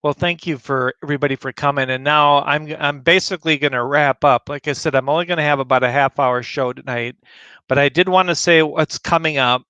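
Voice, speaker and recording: A man hosting a community news livestream, rambling casually as he clicks through a website and greets viewers by name, a bit choked up and clearing his throat. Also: a little high, bright, forceful tone, no echo. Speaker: livestream host.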